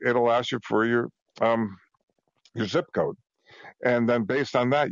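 A man speaks quickly and with insistence, crowding one example onto the next as a guest. His voice sits in a middle register. The sound is dry and muffled, like low-fidelity call audio. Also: gravelly, dry recording. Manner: rushed, emphatic, piles on examples. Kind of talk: fast conversational testimony.

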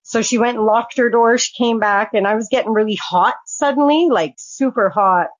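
A woman's voice: a little high, moderate pace. Blunt woman telling her own story. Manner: frank, blunt, swears freely. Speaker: guest. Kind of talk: personal storytelling. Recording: dull, dry lo-fi sound.

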